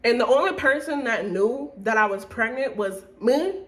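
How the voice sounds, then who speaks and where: A young woman telling a storytime to her viewers in a blunt, animated way, swearing often. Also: a little high, moderate pace. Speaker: storytime vlogger.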